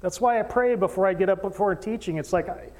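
A man preaching a sermon as pastor, animated storyteller who acts out voices and jokes with the congregation. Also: high-pitched, fast, in a large hall. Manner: animated storytelling, acting out quoted voices, joking with the crowd. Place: church stage in a hall.

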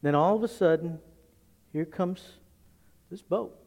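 Male pastor, slightly higher voice, casual preaching that acts out little scenes and questions the room. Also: unhurried, gravelly, a little mellow. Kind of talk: sermon.

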